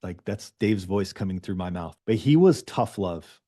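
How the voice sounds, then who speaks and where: A man, a business coach, giving an animated coaching talk to a group, stressing and repeating his key points. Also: low voice, moderate pace, slightly rough.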